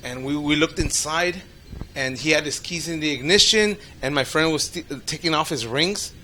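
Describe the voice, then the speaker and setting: High bright dude on a podcast, swears a ton, laughs through his stories. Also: normal speed, a little hiss or hum. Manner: profane, laughing storyteller, acts out others' lines. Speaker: podcast co-host. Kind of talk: casual storytelling chat.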